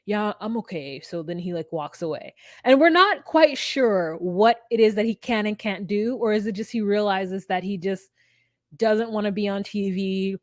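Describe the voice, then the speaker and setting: A woman's voice: mid-range voice, normal speed, dry recording, clean studio sound. A young woman co-hosting a podcast, recapping casually, laughing often and mimicking people she quotes. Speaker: podcast co-host. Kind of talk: casual reality-TV recap chat.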